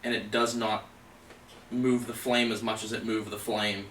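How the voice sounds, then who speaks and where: A man investigating a haunted object in his own old house, speaking emphatically with halting restarts. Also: lowish voice, flat delivery, fairly bright tone. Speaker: paranormal investigator. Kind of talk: live investigation chat. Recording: roomy, distant, faint background noise.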